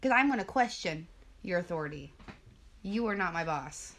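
A young woman co-hosting a casual chat show, telling stories in an animated, profane way. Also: on the low side, normal speed, a little hiss or hum. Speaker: podcast co-host.

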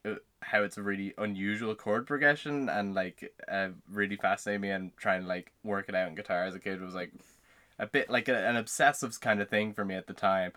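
A man's voice: fairly low pitch, steady tone, fairly quick, bright, forceful tone. A young man chatting casually as a podcast co-host, rambling with many fillers. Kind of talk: casual chat.

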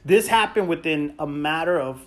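A man tells a wild story in loose, profane podcast chat. His voice sits slightly high, and he acts out what people said as he goes. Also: normal speed. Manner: animated, profane, acts out quotes. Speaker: podcast host.

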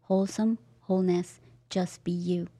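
A woman's voice: fairly low pitch, fairly even intonation, a little slow, mellow, slightly rough. A woman hosting a podcast, chatting candidly and laughing often. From Las Vegas area. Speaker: podcast host. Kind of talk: casual podcast chat. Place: podcast studio. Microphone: studio headphones and mic.

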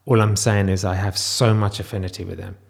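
A man vlogging a raw video diary addresses the camera directly, his somewhat low voice level, a little fast, and touched with vocal fry. On the verge of tears, he keeps stumbling, starting over, and fading into quieter moments.

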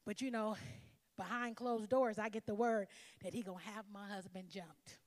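A woman's voice: mid-range voice, steady tone, moderate pace, in a large hall. A woman pastor preaching a sermon, emphatic and calling out to her congregation for responses.

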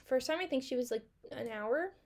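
Animated young woman telling a story. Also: high voice, fairly quick. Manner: animated, swearing, acts out quotes. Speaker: podcast co-host. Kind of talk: casual storytelling chat.

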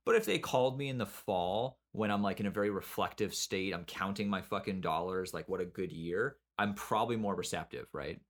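A man with a lowish voice talks fast and bluntly in a casual business chat, dropping swear words without a pause. He tells his stories with lively energy, and the sound comes through a video call. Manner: blunt, swears freely, animated storytelling. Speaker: painting business owner and podcast co-host.

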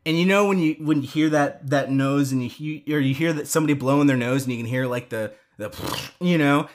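Animated, swearing male podcast storyteller. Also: fairly high pitch, a little fast. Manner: animated storytelling, swears often, many restarts. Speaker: podcast co-host. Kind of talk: casual chat.

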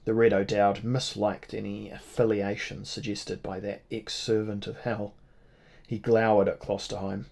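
A man narrating a novel in a measured, dramatic reading style. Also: fairly low pitch, level tone, gravelly, darkish tone. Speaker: audiobook narrator. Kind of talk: scripted narration.

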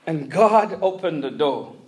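A man preaching a sermon, telling a story in an animated way with chuckles and restarts. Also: fairly high pitch, a little slow.

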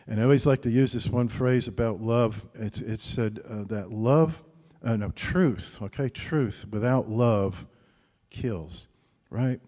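Preaching casually and conversationally, a man with a mid-range voice keeps tossing in a quick "right?" to check on his congregation. The sound is that of a big room.

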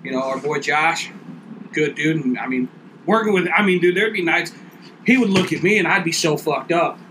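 A man's voice: fairly high pitch, moderate pace, fairly bright tone, slight background noise, low-quality recording. A man telling a long story in casual chat, swearing a lot and acting out the quotes.

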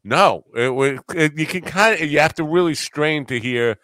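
A man's voice: fairly high pitch, moderate pace, a bit bright, dry recording. A man hosting a podcast in casual chat, easygoing and self-deprecating. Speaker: podcast host.

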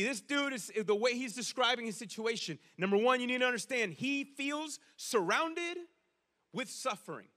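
A male pastor preaching with a high, bright voice. He talks casually, tosses in slang and keeps asking the room "right?". His delivery is lively and conversational rather than formal. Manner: conversational, animated preaching with slang and rhetorical questions. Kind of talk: sermon.

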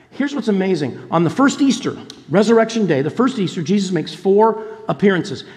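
A man's voice: a little high, a little mellow. A man preaching a sermon as a pastor, telling stories earnestly and acting out quoted voices with repeated words. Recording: long hall reverb.

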